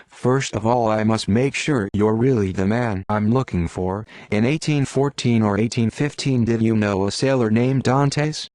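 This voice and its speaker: A man's voice: on the low side, measured pace, hardly any pauses, darkish tone, no echo, studio quality, lightly acted. A man reading the lines of a solemn, probing Italian priest in an audiobook. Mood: grave. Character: Italian-speaking male priest, probing, grave.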